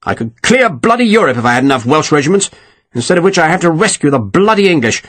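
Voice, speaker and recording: A man's voice: fairly high pitch, big pitch swings, quick pace, fairly bright tone, no echo, voice pushed up. A man voicing an irascible, profane older Welsh general who blusters and scorns. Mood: furious.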